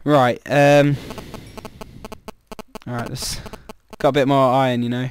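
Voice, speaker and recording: A man's voice: medium pitch, level tone, takes it slowly, a little hiss or hum. A man giving rambling, chatty commentary while playing a game, breaking into startled exclamations. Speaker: gamer. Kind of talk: casual gameplay commentary.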